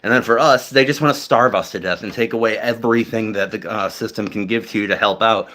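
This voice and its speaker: A man's voice: lowish voice, fast, fairly bright tone. Rambling young man chatting casually. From New England, US. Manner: rambling, fillers and swearing. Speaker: streamer. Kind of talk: casual chat with viewers.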